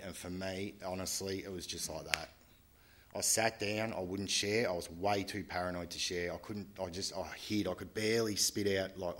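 Deep-voiced man, candid and halting. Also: fairly bright tone. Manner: candid and halting, often restarting. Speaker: speaker sharing at a recovery meeting. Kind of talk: personal testimony to a group.

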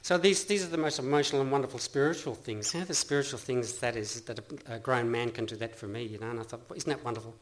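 A man's voice: medium pitch, quick pace, hardly any pauses. A middle-aged Australian man giving a personal recovery testimony to a meeting, earnest and rambling, with frequent restarts and laughter. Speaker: speaker sharing his recovery story.

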